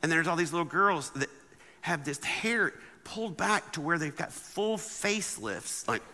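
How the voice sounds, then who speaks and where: A high-voiced man preaches with humor, acting out the characters in his stories. His tone is very bright and forceful, and the sound carries a long hall reverb. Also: a little slow. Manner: animated, acts out the people in his stories. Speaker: guest speaker. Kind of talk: humorous sermon storytelling.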